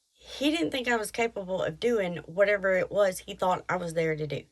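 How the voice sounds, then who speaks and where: A middle-aged woman, hosting a podcast and chatting through an animated story. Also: mid-range voice. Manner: chatty, animated retelling with quoted voices. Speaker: podcast host. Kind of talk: casual storytelling.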